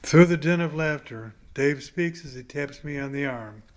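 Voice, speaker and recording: A man reading a novel chapter aloud in a plain, unhurried way. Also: on the high side. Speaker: audiobook reader.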